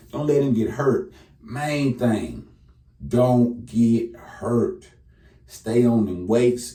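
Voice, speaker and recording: A man's voice: medium pitch, a little mellow, far from the mic. A man giving a casual, chatty sports reaction, talking straight to the viewer. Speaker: sports commentator. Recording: echoey room, voice off-mic.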